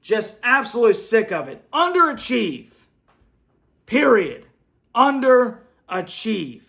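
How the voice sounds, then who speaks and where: Male fan host, high gravelly voice, blunt frustrated post-game rant at his computer. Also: very animated, slow, pushed and bright. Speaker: sports fan show host. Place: home, at a computer. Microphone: computer setup.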